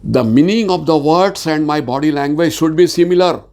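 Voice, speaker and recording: Trainer, male, gravelly voice, earnest halting delivery with frequent fillers. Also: fairly high pitch, darkish tone. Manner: halting, repeats words, earnest; speaks slowly with many fillers. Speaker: sales communication trainer. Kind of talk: informal spoken lecture.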